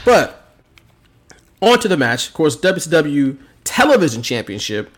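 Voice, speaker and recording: A man co-hosting a podcast, recapping a wrestling event in an animated storytelling way with frequent laughs. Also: a little high, a little slow. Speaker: podcast co-host.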